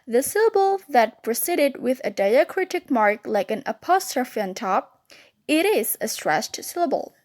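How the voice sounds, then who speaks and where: A young woman narrating a scripted lesson, carefully sounding out vowels and letters one at a time. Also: a little high. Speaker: teacher.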